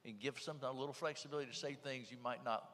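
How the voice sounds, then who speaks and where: A man's voice: medium pitch, steady tone, fast talker, fairly bright tone, big-room sound, a little hiss or hum. A man with a Southern US accent telling stories at a panel in a plainspoken, emphatic way. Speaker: panel speaker. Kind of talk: folksy storytelling.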